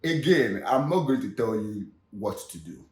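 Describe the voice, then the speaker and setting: A Nigerian man with a fairly low voice talks to the camera in a relaxed, chatty way. He slips into Pidgin now and then, and the room around him is echoey. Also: normal speed. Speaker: vlogger. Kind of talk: casual vlog talk.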